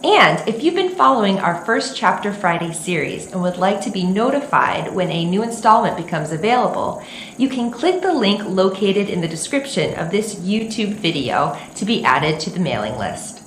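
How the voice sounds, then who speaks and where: Woman librarian, lively delivery, roomy echo, faint background noise. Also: mid-range voice, normal speed. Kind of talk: program sign-off.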